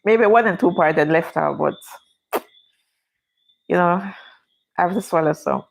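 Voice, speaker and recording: Middle-aged Jamaican woman, livestream host, chatty and casual, slightly low voice. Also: steady tone, moderate pace, vocal fry, long pauses, rough recording. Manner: chatty, speaks Jamaican English.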